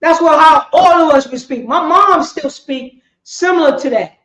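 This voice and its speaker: A woman's voice: sits high, moderate pace, a bit bright. A woman leading an informal group lesson, quizzing her listeners and often asking "you know what I'm saying?". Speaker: class leader. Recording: echoey room, dull muffled sound.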